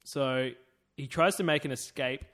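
Aussie bloke telling a story, cracks jokes along the way, middle pitch. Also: male voice, a little slow, fairly bright tone. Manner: recounts a story with joking asides. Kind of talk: casual storytelling chat.

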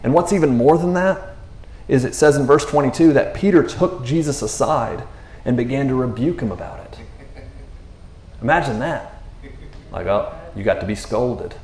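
A man preaching in a relaxed, casual way, acting out the disciples' voices as he tells the story. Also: mid-range voice, moderate pace, pauses often, echoey room. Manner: animated, acts out voices of the disciples. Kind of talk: casual sermon.

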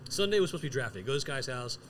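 Animated, fast-talking man on a podcast. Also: mid-range voice, slight background noise. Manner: animated, rambling with many restarts. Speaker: podcast co-host. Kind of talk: casual chat.

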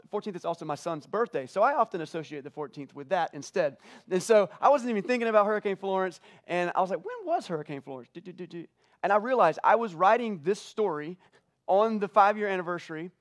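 Fast-talking emotional male pastor. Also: high voice. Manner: emotional, conversational, repeats words. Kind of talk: sermon storytelling. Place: church auditorium.

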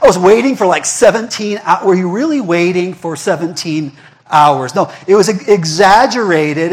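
A young man preaching a sermon in a conversational way. He asks the congregation questions, repeats himself for emphasis and often restarts his words. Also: high-pitched. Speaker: pastor.

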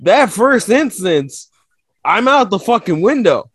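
Profane, animated male podcast co-host. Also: high-pitched, takes it slowly, husky, no echo, studio quality. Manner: profane, animated storytelling with mock voices. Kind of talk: casual podcast chat.

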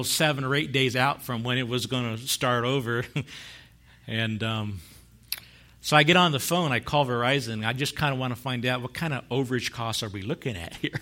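A man preaching a sermon who tells stories, laughs often, and swings from low and soft to loud and high. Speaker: pastor.

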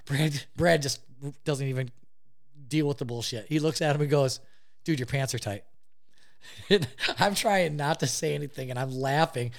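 A man telling a funny story in casual chat, animated and laughing often as he goes. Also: fairly high pitch, moderate pace, creaky.

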